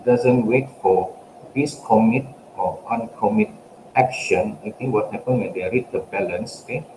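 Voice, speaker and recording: Low-voiced man lecturing, saying "okay" constantly. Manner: fills every pause with a checking "okay". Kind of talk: recorded lecture walkthrough. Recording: echoey room with steady background noise.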